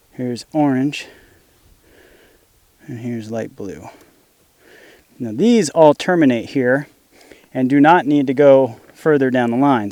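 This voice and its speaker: This homesteading vlogger has a mellow, mid-range voice, recorded dry. In an orchard, he narrates a DIY job in a relaxed how-to style, thinking aloud and chatting with his dog.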